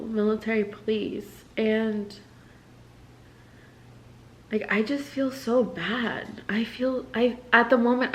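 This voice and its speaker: A young woman in a candid confessional vlog, distressed, rambling and swearing often, with lots of "like". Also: mid-range voice. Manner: rambling, profane, filler-heavy "like". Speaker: military spouse.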